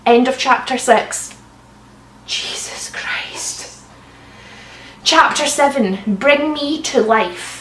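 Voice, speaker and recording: Gal reading dumb fanfic out loud, high bouncy voice, bit far from mic in a roomy space. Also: female voice. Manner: sarcastic, swears, bursts into laughter. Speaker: comedian reading fanfiction aloud. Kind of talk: comic dramatic reading with mocking asides. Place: room at home. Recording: roomy sound, slightly distant mic.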